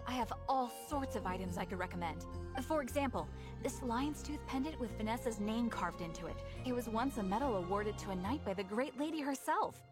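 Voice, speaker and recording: A woman's voice: a little high, expressive, a little fast, lightly acted. A woman voicing an eager, chatty young shopkeeper in a video game, bubbly and salesy, with game music behind. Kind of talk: video game character dialogue.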